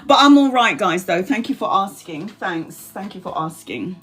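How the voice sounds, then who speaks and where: A woman's voice: mid-range voice, animated, normal speed, fairly bright tone, faint music behind. A woman in her forties chatting casually on a live stream, self-mocking, swearing and laughing often. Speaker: tarot reader live-streaming.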